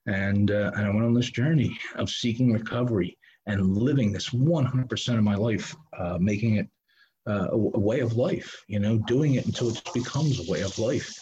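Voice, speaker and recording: A man's voice: fairly low pitch, normal speed, mellow, highs cut off, slight background noise. A middle-aged man telling his recovery story in a candid, rambling, self-mocking way, with many restarts. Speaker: recovery speaker.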